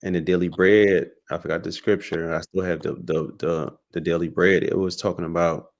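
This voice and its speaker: A man with a very low voice, a podcast guest recalling his childhood. He tells his story in a reflective way, circling back and restarting his sentences. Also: level tone, normal speed, highs cut off. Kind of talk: casual conversation.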